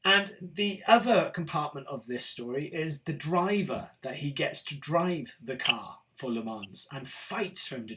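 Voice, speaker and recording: A man's voice: fairly high pitch, a bit bright. A man from Britain hosting a casual film review chat, enthusiastic and opinionated, with the odd swear word. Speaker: film show host.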